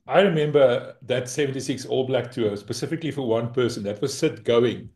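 A man's voice: mid-range voice, a little fast, a little mellow. A man interviewing a guest, reminiscing casually and then asking a question. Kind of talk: conversational interview.

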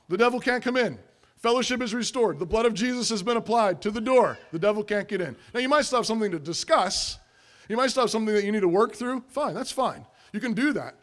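A pastor preaching a sermon in a conversational way, acting out little family scenes and dropping to a soft hushed voice for the confessions. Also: male voice, high-pitched. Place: church sanctuary.

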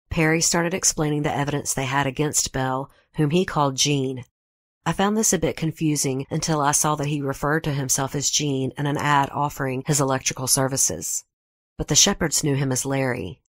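A woman hosting a true crime podcast, giving a measured scripted narration and reading quotes in her own voice. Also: extremely low pitch, steady tone, dry recording, studio quality.

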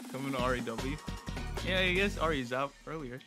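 A young man streaming a video game, chatting casually with viewers and a partner, playful and joking. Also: mid-range voice. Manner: playful, joking, laughs often. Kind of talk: casual live-stream gameplay chat. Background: game music.

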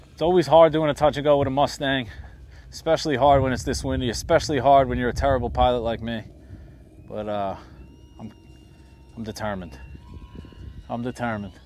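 A man's voice: medium pitch, a little fast, pauses often. A man vlogging outdoors as he flies a small RC plane, chatty and self-deprecating. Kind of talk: casual outdoor vlog while flying. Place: outdoors at a flying field and backyard.

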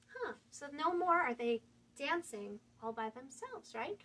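A woman librarian reading a picture book aloud to young children, animated and sing-song, asking them questions along the way. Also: sits high, measured pace.

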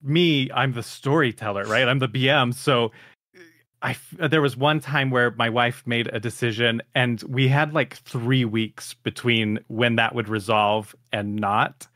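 Man, podcast guest, bright tone, dry sound, chatty and playful. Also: medium pitch, steady tone, a little slow, no echo. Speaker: podcast guest and game master. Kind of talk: casual podcast chat.

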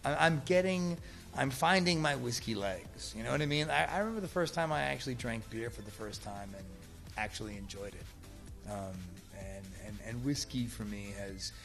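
A man's voice: mid-range voice, expressive, gravelly, a bit bright, faint music behind. A man answering interview questions in casual chat, laughing easily and restarting his sentences often. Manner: laughing, halting with many restarts.

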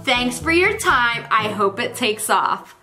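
A woman's voice: a little high, animated, takes it slowly, over music. A young woman hosting a reaction show, giving playful, sarcastic commentary on funny text messages. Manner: playful and sarcastic, slips into mock voices.

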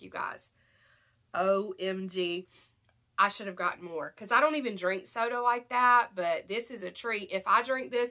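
A young woman with a Southern American accent, congested from allergies, chatting excitedly and rambling through a shopping haul vlog. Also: mid-range voice. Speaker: haul vlogger. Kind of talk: casual chat to camera.

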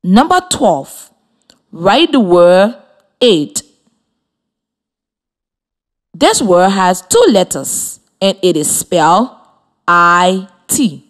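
A woman from Liberia leads a radio lesson for young children, speaking slowly and spelling out each step. Her pitch moves a lot, rising and falling in a sing-song way. She talks in an encouraging, clearly articulated classroom manner. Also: very animated. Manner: slow, clearly articulated, encouraging teacher talk. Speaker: radio teacher. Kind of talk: slow scripted classroom instruction. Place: radio studio with students present.

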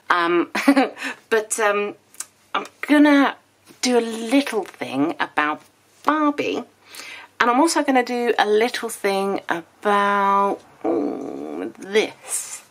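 A woman's voice: mid-range voice, fairly bright tone. A woman in her thirties chatting casually in a planner vlog, with a slight lisp from dental aligners and a rambling, chatty way of talking. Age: 30s. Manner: chatty and rambling, with small laughs. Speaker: planner vlogger.

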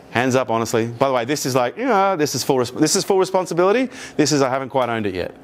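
Man, motivational keynote speaker, lively swinging pitch, swears a lot, stage talk. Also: fast, few pauses. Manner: swearing, animated, acts out quoted voices. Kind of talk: live keynote talk to an audience. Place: conference room with live audience.

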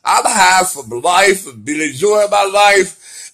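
Brief: man, late forties, husky and bright, rambling home vlog, loud bursts then hushed talk. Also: slow pace. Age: 40s. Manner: animated, swinging from loud laughing outbursts to soft low talk. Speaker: vlogger. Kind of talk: casual rambling monologue. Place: at home lying in bed by an open window.

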